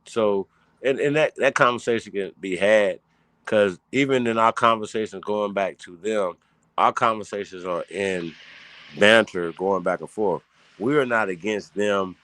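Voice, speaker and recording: A man's voice: fairly low pitch, a bit bright. A man hosting a casual podcast chat in African American Vernacular English, rambling loosely with many restarts. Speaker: podcast host.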